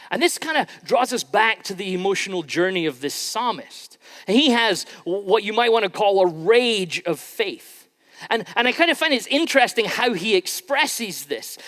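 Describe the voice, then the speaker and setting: Man, pastor, relaxed conversational sermon delivery, high voice, long church-hall reverb. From Scotland. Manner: conversational, informal preaching with frequent restarts. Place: church sanctuary.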